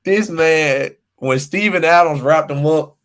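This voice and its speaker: A man's voice: on the high side, measured pace, a crowd in the background. A man co-hosting a casual sports podcast, ranting with lots of repetition and laughter. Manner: animated ranting, repeats himself, laughs often. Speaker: podcast co-host.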